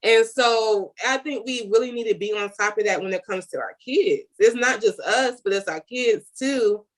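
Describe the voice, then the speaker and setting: A woman's voice: on the high side, moderate pace. Woman, candid, heartfelt, personal storytelling, conversational. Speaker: guest, single mother.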